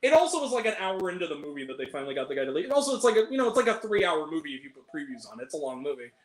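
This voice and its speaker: A woman's voice: deep voice, sing-song, rapid-fire, crowd noise. A woman co-hosting a casual chat, telling a story animatedly and laughing often. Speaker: podcast co-host. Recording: roomy echo.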